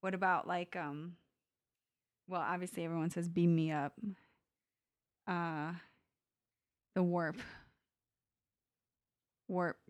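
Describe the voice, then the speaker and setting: A woman's voice: fairly low pitch, fairly even intonation, slow pace, pauses often, no echo. A woman co-hosting a podcast, chatting casually and teasing her co-host with lots of fillers and laughs. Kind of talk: casual chat.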